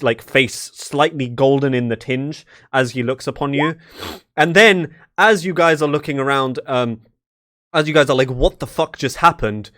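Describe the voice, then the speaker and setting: A man's voice: mid-range voice, fairly bright tone. Young male game master, informal narration, rambling delivery. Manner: loose, with many fillers and restarts. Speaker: dungeon master.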